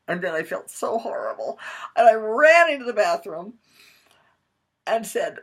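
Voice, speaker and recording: An older woman coaching mothers, telling a personal story in an expressive way and acting out the voices in it. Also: medium pitch, measured pace, long pauses, slightly rough. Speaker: parenting coach.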